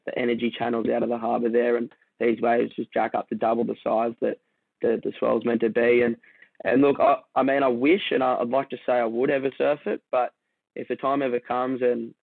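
A man's voice: medium pitch, creaky, no echo. An Australian man telling a surfing story as a podcast guest, laid-back and rambling, with many restarts. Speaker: guest surfer. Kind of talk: casual storytelling conversation. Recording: dry, tinny phone-like line.

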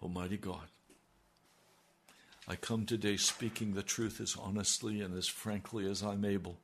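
A man's voice: on the low side, little pitch movement, normal speed, a bit bright, a little hiss or hum. A man preaching on the radio, praying fervently with rising, pleading cries. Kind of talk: impassioned radio prayer.

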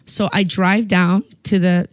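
A woman's voice: medium pitch, a little slow, no room sound. Chatty woman telling a story, dry sound. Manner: animated, chatty, lots of "like" and repeated words. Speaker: guest telling her story. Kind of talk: casual storytelling chat.

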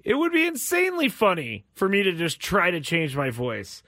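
Chatty man with a higher voice, dry sound. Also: sing-song, normal speed, sharp tone, no room sound. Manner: rambling, chatty, with frequent restarts and sudden pitch jumps. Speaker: sports talk show host. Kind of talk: casual chat.

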